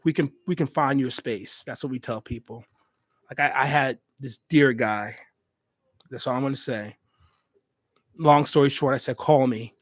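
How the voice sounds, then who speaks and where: A man's voice: mid-range voice, moderate pace, long pauses, no echo, studio quality. Emphatic man hosting a livestream. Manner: emphatic, repeating phrases, talking to viewers directly. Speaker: host of a hospitality YouTube channel. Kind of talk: casual livestream talk to viewers. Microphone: USB desk microphone.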